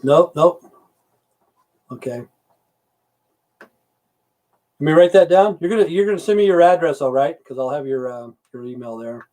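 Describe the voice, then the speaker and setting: A man's voice: on the high side, moderate pace, long pauses, mellow. A middle-aged man chatting casually on a livestream, answering viewers' comments, rambling, swearing and losing his train of thought. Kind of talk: casual live-stream chat.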